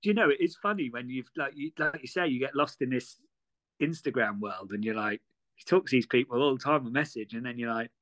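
A man's voice: mid-range voice, brisk, a bit bright, no echo. A man on a podcast as a guest, chatting in an easygoing, agreeable way and laughing along. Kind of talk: casual chat.

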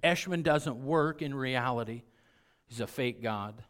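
A desperate mother crying out for help, as a male preacher puts her on. Her voice is urgent and pleading, set at an ordinary middle pitch, neither high nor low. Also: unhurried, fairly bright tone, lightly acted. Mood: determined.

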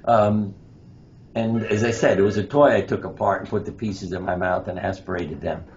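A man's voice: on the low side, fairly even intonation, normal speed, a little mellow. A man who is a surgeon and author, telling stories as an interview guest and acting out the quoted lines. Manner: anecdotal, acts out quoted lines. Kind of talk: interview storytelling. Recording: dull lo-fi sound with faint noise.

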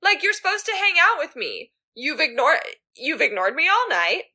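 Figure: a woman putting on a petulant nagging gentleman. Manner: whiny, clingy. Pitch: high. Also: sing-song, normal speed, full character voice. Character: whiny petulant gentleman pestering a guest to stay.

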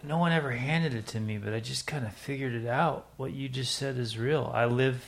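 A man's voice: medium pitch, fairly quick. A man hosting a casual chat, laid-back, reacting to his guest with short comments. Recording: faint background noise.

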